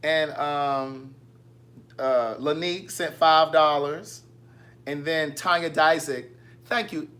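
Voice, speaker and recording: A man's voice: on the high side, fairly even intonation, slow, a bit bright. A man hosting a casual livestream, chatting and teasing as he reads viewer comments. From Maryland. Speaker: livestream host. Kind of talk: casual live chat.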